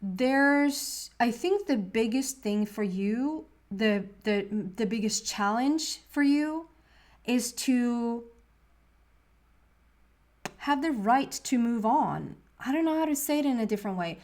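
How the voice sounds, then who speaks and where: A woman's voice: a little high, lively intonation, takes it slowly, a little mellow. A woman giving a casual tarot reading to camera, rambling and earnest, with lots of fillers and restarts, and openly emotional at times. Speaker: tarot reader.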